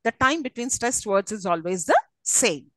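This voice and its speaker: A woman with a fairly high voice lectures a class on English, pausing often to ask whether her students follow. The sound is close and dry, with no room echo. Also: big pitch swings, a bit bright. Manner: teacherly, checks understanding often.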